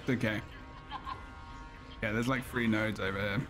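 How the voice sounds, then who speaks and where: A man's voice: fairly low pitch, fairly even intonation, normal speed. Laughing man over game music. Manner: laughs often, easygoing and chatty. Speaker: podcast host. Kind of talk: casual gaming chat. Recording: loud game music behind.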